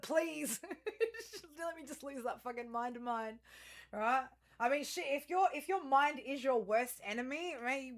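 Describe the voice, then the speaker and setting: A woman giving a casual tarot and astrology reading, talking straight to her viewers in a rambling, profane, chatty way, full of fillers and restarts. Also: medium pitch. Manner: chatty, self-interrupting, frequent fillers.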